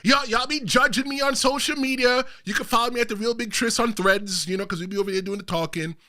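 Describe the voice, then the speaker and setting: A man hosting casual wrestling commentary, animated and playful, talking in street slang. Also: very high voice, fast talker.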